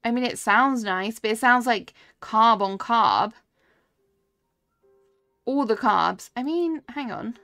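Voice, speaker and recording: A woman's voice: on the high side, animated, slow, long pauses, sharp tone, no room sound, clean studio sound, faint music behind. A young woman live-streaming a cozy game, chatting casually and answering her chat as she builds.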